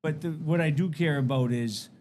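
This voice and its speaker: A man hosting a podcast in casual chat, halting and repeating words as he laughs along. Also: a little high, darkish tone, a little hiss or hum.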